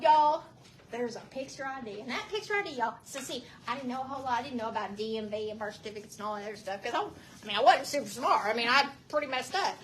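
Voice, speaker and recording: A woman's voice: high voice, background noise. A woman in her fifties with a Southern US accent, telling her testimony to a church crowd, laughing often and talking straight to her listeners. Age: 50s. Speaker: guest speaker giving a testimony.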